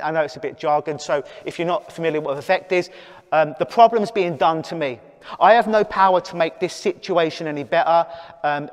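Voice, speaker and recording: Blunt, high-voiced male hypnotist. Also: in a large hall. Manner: blunt, animated, laughs at own points. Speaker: clinical hypnotist. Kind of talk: live talk to an audience.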